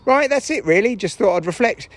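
A man's voice: sits high, expressive, fairly quick. Sweary man rambling on a walk. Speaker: podcast host. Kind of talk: casual monologue while walking. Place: outdoors on a walk.

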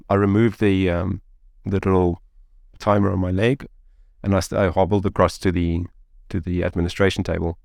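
A man, a guest telling a story in an interview, rambling and animated with lots of fillers like "like" and "you know". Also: low-pitched, vocal fry, dry recording, clean studio sound.

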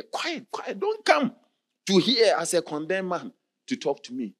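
Male preacher, bright and animated, passionate sermon delivery. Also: sits high, a little slow. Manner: passionate, swinging from quiet to shouted.

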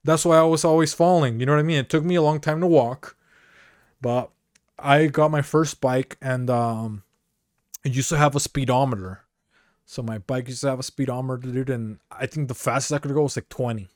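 A man's voice: medium pitch, a little fast, darkish tone, no room sound, studio quality. Rambling man telling stories, "dude" every line. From Mexico. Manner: rambling, peppers talk with "dude" and "you know". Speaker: podcast co-host. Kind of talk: casual comedic storytelling.

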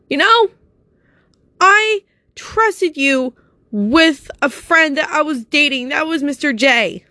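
A high-pitched woman pours out her hurt straight to the listener, swearing often and fighting back tears. The sound is dry and close, with no room around her. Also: pushed and bright, no room sound. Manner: upset, swearing, voice rising near tears. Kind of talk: emotional personal vent to camera.

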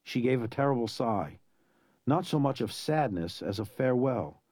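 Give me an expressive male narrator, lively pitch, dry close-mic sound. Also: normal speed, dry recording. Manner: expressive, dramatic. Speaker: audiobook narrator. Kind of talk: storybook narration.

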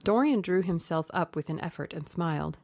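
A woman narrating a classic novel in a measured, even audiobook reading. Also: on the low side, vocal fry, dry recording.

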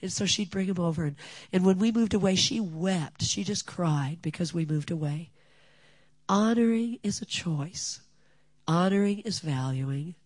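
Animated older woman telling a story. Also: lowish voice, no echo. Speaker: speaker at a women's gathering. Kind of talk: personal testimony talk.

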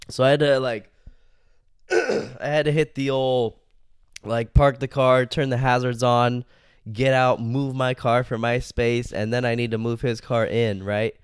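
A man's voice: medium pitch, flat delivery, slow, pauses often, smooth, dry recording, clean studio sound. A man co-hosting a podcast, telling a story in casual chat, swearing a lot and laughing as he goes. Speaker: podcast co-host.

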